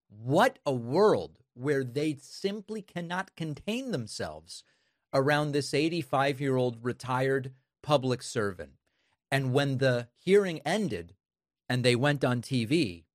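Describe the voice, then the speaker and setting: A man's voice: medium pitch, no room sound. Scornful male political commentator, dry sound. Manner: scornful, sarcastic, fast asides. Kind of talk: opinionated commentary.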